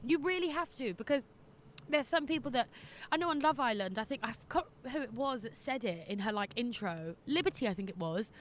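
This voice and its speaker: A woman hosting an advice podcast in casual chat, candid and quick to laugh. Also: on the high side, lively intonation, slight background noise. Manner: chatty and candid, laughs easily. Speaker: podcast host giving listener advice.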